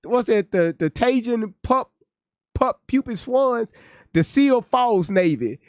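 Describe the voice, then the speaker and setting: A man's voice: extremely high pitch, very animated, takes it slowly, no room sound, clean studio sound. A man hosting a casual livestream, joking and cursing as he reads viewers' chat aloud. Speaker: livestream host reacting to news.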